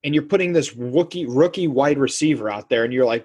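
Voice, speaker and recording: Man, podcast co-host, husky, casual and animated sports talk. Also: mid-range voice, a little fast. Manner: animated, acts out quotes in voices.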